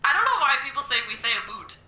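A woman's voice: high voice, very animated, very fast, sharp tone. A Canadian woman with a Canadian accent, chatting and giggling while she comments on a video game in a rambling way. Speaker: game streamer. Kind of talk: casual let's-play commentary. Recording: echoey room with faint music.

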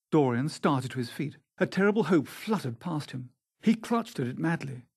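A man narrating a classic novel aloud in a measured, expressive reading. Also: on the high side, husky. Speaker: audiobook reader. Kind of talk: scripted narration.

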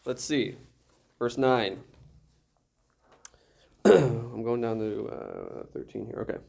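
A male pastor preaching an animated sermon, full of jokes and rhetorical questions. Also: medium pitch, slow, vocal fry, slightly rough.

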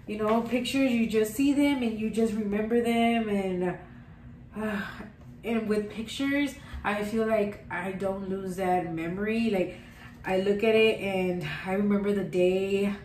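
A woman's voice: medium pitch, measured pace, darkish tone, roomy sound, recorded from a distance, a little hiss or hum, low-quality recording. A young woman, gushing sentimentally as she talks to camera in a casual vlog. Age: young adult. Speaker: vlogger.

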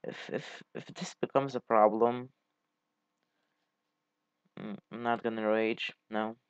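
Slow, rambling man on a dull mic. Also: lowish voice, steady tone, clean tone, no echo. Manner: rambling, halting, swears casually. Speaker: gaming channel host. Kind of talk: casual gameplay commentary.

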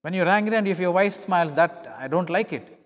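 Man, pastor, sermon, storytelling, acts out dialogue, high-pitched, reverberant hall. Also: a little fast. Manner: storytelling, acting out dialogue in shifting voices. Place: church.

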